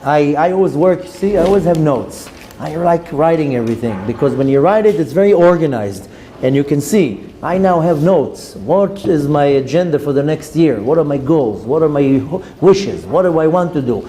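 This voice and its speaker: A man's voice: fairly high pitch, expressive, moderate pace, dark tone, slight background noise. A man, a rabbi giving an earnest sermon that urges his listeners on and mixes in Hebrew terms.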